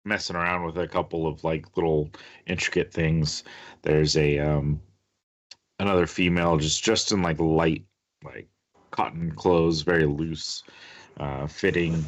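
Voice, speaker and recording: A man narrating as game master of a tabletop game, describing scenes in a halting way with many fillers. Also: sits low, muffled recording.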